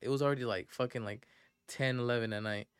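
A man's voice: mid-range voice, steady tone, quick pace, clean tone, dry recording, studio quality. Profane young man telling a rambling story. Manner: profane, slangy, rambling with many restarts. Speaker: podcast host. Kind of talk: casual storytelling.

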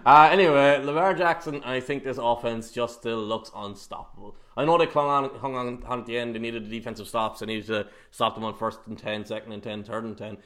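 A man's voice: medium pitch, steady tone, fairly quick, hardly any pauses, fairly bright tone. A man co-hosting a casual sports podcast, rambling through football analysis with frequent laughs. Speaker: podcast co-host.

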